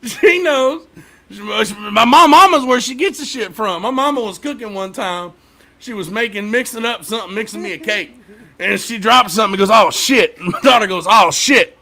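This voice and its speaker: Brief: host, high bright male voice, easygoing profane storyteller, lots of laughs. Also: moderate pace. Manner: laid-back storyteller, laughs often, says "man". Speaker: podcast host, father. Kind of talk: casual profane chat.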